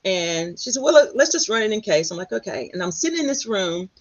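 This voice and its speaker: A middle-aged woman's husky voice comes through a dull, lo-fi recording. She tells her story as a guest, bringing it to life by acting out what other people said. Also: mid-range voice, fairly quick. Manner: animated, quotes others in lively voices. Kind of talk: storytelling in conversation. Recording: dull lo-fi sound.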